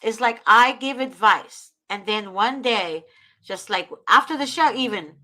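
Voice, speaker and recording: A woman's voice: on the high side, expressive, unhurried, bright, forceful tone. A woman hosting a talk show, giving earnest, preachy advice and repeating her points. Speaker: host.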